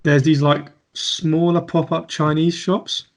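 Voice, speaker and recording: A man's voice: a little high, little pitch movement, slow pace. Easygoing young man. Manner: easygoing, encouraging backchannel, dry questions. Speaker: podcast co-host. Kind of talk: casual chat over beers.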